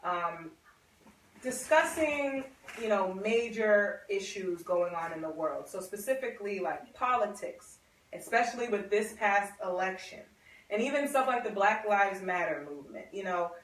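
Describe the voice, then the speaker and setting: A woman leads a casual panel chat, steering it with open questions in an easygoing way. Her voice sits at a middle pitch and carries the echo of a roomy space, picked up from some distance. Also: animated, a little slow, fairly bright tone. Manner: conversational, poses open questions to the group. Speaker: discussion moderator. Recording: echoey room, mic far off.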